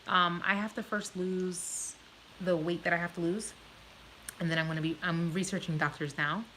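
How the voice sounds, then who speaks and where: A vlogger born in Puerto Rico and raised in New Jersey, with a New Jersey accent, answers live viewer questions frankly, swearing freely in casual live-stream chat. Her lowish voice is bright and forceful, steady at a moderate pace, on a rough recording with a little hiss or hum.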